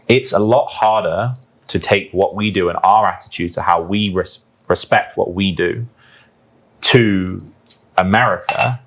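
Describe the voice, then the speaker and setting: A man's voice: sits low, fairly bright tone. A man from the United Kingdom, a bar director, talking earnestly and at length in a conversational interview, with many fillers.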